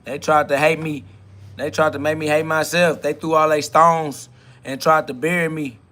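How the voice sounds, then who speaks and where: A man's voice: a little high, flat delivery, normal speed, pushed and bright. A man hosting a live spiritual self-talk podcast, preaching in a rambling, slangy way and answering comments from his chat. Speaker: podcast host.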